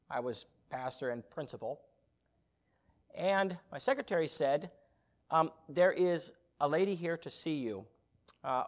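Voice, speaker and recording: A man preaching a sermon as a missionary, telling a story with animated, rising passion. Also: a little high.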